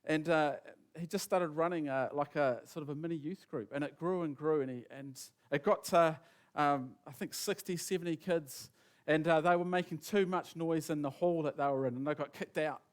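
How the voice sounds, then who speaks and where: A man gives a sermon, his voice sitting a little higher than most men's. He rambles through an anecdote in a casual way and acts out each person's lines as he quotes them. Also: normal speed, clear, resonant tone. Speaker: preacher. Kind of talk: sermon storytelling.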